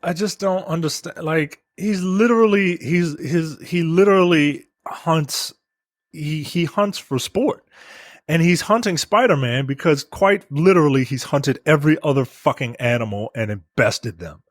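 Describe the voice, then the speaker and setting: A man's voice: fairly high pitch, animated, measured pace, no echo, clean studio sound. A man co-hosting a podcast in casual chat, ranting in exasperation with lots of filler words. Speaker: podcast co-host.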